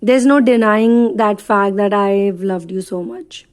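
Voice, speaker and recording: A woman's voice: mid-range voice, takes it slowly, darkish tone, clean tone, close to an everyday voice. A woman voicing a devoted, dreamy young man who makes earnest, tender confessions of love.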